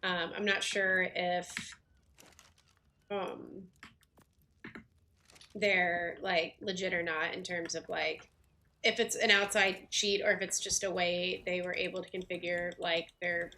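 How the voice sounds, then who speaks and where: A woman's voice: fairly low pitch, little pitch movement, slow pace, long pauses, pushed and bright, slight background noise. A woman chatting casually on a game livestream, talking with lots of fillers and little laughs while she eats and plays. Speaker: game streamer.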